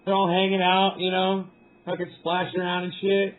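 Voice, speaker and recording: A man rambles through a casual live stream from outdoors on a mountain, cursing freely and calling out to his viewers. His voice sits high for a man. The audio is thin and tinny, as if sent over a phone line. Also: completely flat delivery, normal speed. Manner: rambling, profane, talks to chat viewers. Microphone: cell phone.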